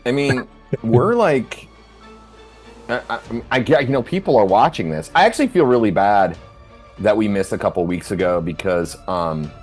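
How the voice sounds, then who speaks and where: Over faint background music, a US man with a fairly low, lively voice runs a tabletop session at normal speed. His casual chat wanders, packed with fillers, laughter, and plenty of swearing.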